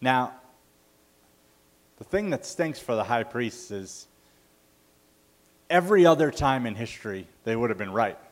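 Male pastor, mid-pitch, casual conversational sermon delivery with fillers. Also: animated, unhurried, long pauses. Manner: conversational, self-correcting with fillers.

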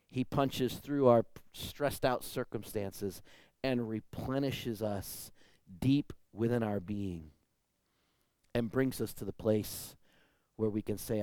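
A man preaching a sermon with stories, lively and conversational, often checking in with "right?" and "you know?". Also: dry recording. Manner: lively, swings pitch and loudness for emphasis. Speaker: pastor. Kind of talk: sermon with storytelling.

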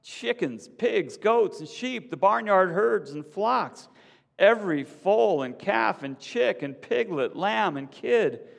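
Man doing a frantic farm woman, shrill high voice, shouting, long hall echo. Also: expressive, takes it slowly, creaky, exaggerated voice. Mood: distraught. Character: frantic woman farmer betrayed and furious.

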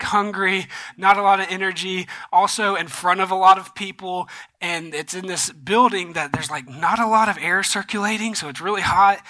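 A young man delivers a sermon with a bright, high voice. He talks casually, full of "like" and restarts, and drifts into personal stories. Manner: storytelling, conversational with many fillers. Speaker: pastor.

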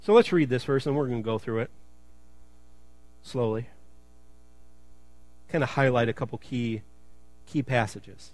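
A man's voice: mid-range voice, moderate pace, long pauses, darkish tone, no echo. A male pastor preaching a sermon in church, chatty and joking, then building to emphatic repetition.

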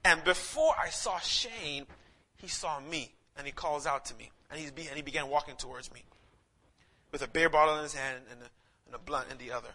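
High, bright-voiced preacher man. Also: brisk. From Saint Lucia. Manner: impassioned preaching that swells to near-shouts, then drops soft for storytelling. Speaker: pastor. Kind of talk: sermon with personal storytelling.

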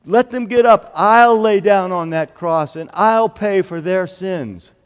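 A man doing Jesus, a gentle, loving grown man who speaks with earnest tenderness and takes his time. The voice sits a touch high and rings out in a long, echoing hall reverb. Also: takes it slowly. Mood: resolute.

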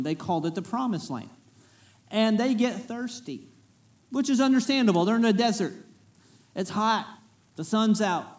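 This pastor's sermon is relaxed and full of stories, delivered in a man's voice that sits fairly high. He stays folksy and animated, interrupting himself with jokes aimed at the congregation.

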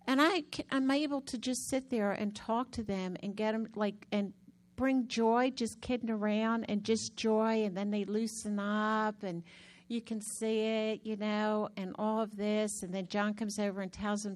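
A woman minister sharing a personal testimony in a casual, talkative way. She tells the story with lots of energy and often stops to restart her sentences. Her pitch sits in the ordinary middle range for a woman. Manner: chatty, animated storytelling with many restarts. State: recovering from a hand injury.

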